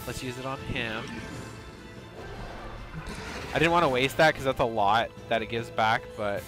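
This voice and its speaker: A man's voice: medium pitch, a little fast, over music. A young man co-hosting a game playthrough, joking and laughing while planning moves. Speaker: co-host of a gaming channel. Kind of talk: casual let's-play chat.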